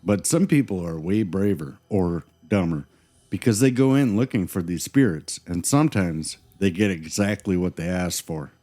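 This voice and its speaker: A man's voice: low voice, lively intonation, moderate pace, mellow. A man co-hosting a paranormal podcast, telling eerie stories with dramatic, teasing delivery. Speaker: podcast co-host. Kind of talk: scripted paranormal podcast chat.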